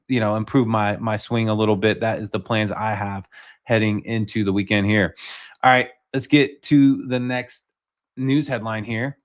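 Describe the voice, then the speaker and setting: Rambling man hosting a livestream. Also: fairly low pitch. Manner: rambling, filler-heavy, frequent restarts. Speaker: livestream host. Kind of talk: casual livestream commentary.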